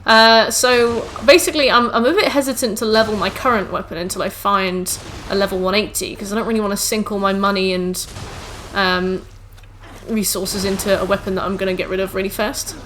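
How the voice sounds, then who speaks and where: A woman streams a game from home over a headset mic, chatting casually with her viewers and scolding her cats between comments on the game. Her mid-range voice is brisk and a bit bright with fairly even intonation, and there's a slight hiss or hum.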